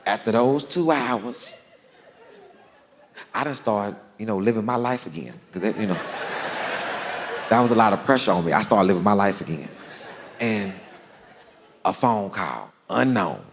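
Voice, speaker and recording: A man telling a long story on stage as a stand-up comedian, drawling and animated, with deadpan punchlines. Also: on the low side, measured pace, pauses often, slight background noise. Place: large theater stage. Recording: long hall reverb, faint crowd ambience.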